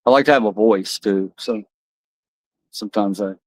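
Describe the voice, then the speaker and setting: A man's voice: fairly low pitch, normal speed, no room sound, low-quality recording. Rambling American man chatting on stream. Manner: rambling, loose and chatty, talks to viewers by name. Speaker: livestream host. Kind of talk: casual chat with chat readers.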